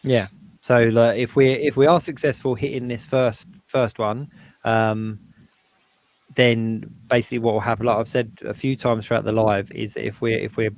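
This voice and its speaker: Southern English host, chatty and hesitant with plenty of ums. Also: male voice, medium pitch, level tone, moderate pace, no room sound. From southern England. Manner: casual, hesitant, many fillers. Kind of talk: live stream chat.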